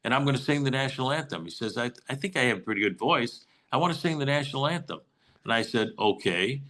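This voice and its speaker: A man's voice: mid-range voice, animated, quick pace, fairly bright tone, poor audio. An older man, a longtime baseball broadcaster, chatting as a guest and telling stories with quoted voices. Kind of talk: casual interview chat, storytelling.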